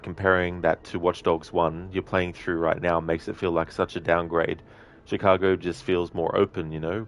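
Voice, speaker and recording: Low-voiced man chatting while gaming. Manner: chatty, reads out chat messages, laughs often. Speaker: streamer. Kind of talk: casual gameplay commentary.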